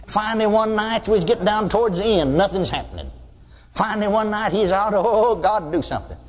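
An older man preaching a sermon, telling folksy stories and acting out loud prayers. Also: high-pitched, animated, a little fast. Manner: folksy storytelling, mimics praying loudly. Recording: reverberant hall.

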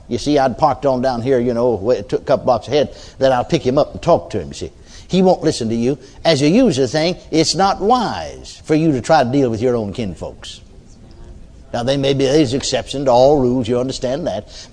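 Folksy older preacher. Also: male voice, mid-range voice, a little mellow. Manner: folksy storytelling, frequent amens and hallelujahs. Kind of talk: sermon.

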